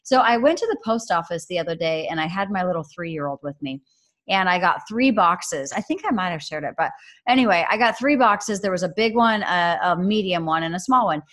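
Woman in her thirties, podcast co-host. Chatty, lively storyteller with a lowish voice. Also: brisk. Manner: chatty, animated storytelling with many fillers. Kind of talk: casual faith chat.

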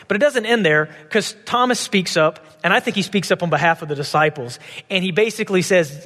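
A male pastor delivers a sermon in a fairly high voice for a man, often restarting phrases and asking his listeners rhetorical questions. Each phrase trails off into the long reverb of a church hall. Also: brisk, bright, forceful tone. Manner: repeats words, asks rhetorical questions.

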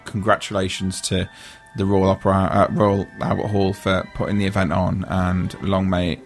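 A man's voice: deep voice, level tone, moderate pace, soft background music. A man hosting a casual chat, rambling and joking as he talks. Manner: chatty, rambling, jokey. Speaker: podcast host.

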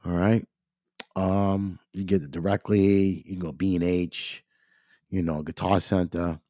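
A man hosting a podcast, talking casually about equipment while congested and clearing his throat, often calling his listeners "ladies and gentlemen". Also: deep voice, little pitch movement, a little slow, dry recording, studio quality. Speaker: podcast host. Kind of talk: casual gear talk.

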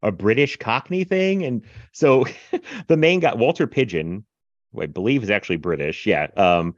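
A man casually reviewing a film in animated, rambling podcast chat, full of fillers and laughs. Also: fairly low pitch, normal speed, dry recording, lo-fi sound. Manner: animated, filler-heavy retelling with laughs and mimicry.

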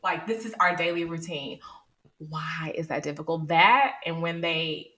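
A frank, expressive woman speaking as a podcast guest. Her voice is bright but sits low, and she sounds a little far from the microphone. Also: unhurried. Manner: frank, expressive, quotes her kids in lively asides. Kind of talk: casual chat.

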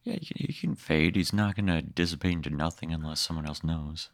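A man who is a podcast guest, answering a hypothetical deliberately and thinking aloud with hesitations. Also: extremely low pitch, dry recording, studio quality. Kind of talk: casual improvised conversation.

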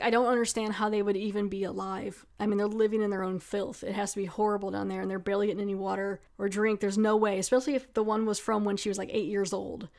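Young woman rambling through a movie recap, medium pitch, lots of "like", kinda wry. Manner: chatty, frequent "like" fillers, wry asides. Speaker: movie reviewer. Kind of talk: casual spoiler-heavy film recap.

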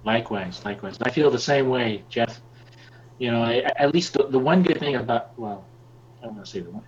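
A man as a podcast guest speaking over a video call, earnest and halting with restarts. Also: medium pitch, expressive. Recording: dull lo-fi video call audio.

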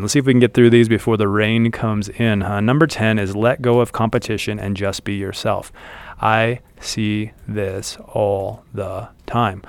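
Low gravelly man giving earnest advice. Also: no echo. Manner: earnest, repeats phrases for emphasis. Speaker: podcast host. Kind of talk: casual motivational talk. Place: outdoors in the desert.

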